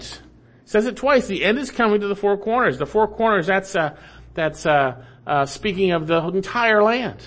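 Emphatic, fairly high-voiced male preacher. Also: animated, normal speed, fairly bright tone. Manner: emphatic, repeats key phrases with rising force; explains Hebrew grammar in a teaching tone. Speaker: pastor. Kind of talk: expository sermon.

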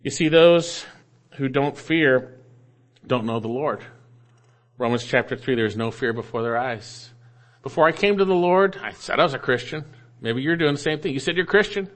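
A man preaching a sermon, explaining scripture verse by verse and swinging between emphatic rises and quiet low endings. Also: lively intonation, normal speed. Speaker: pastor.

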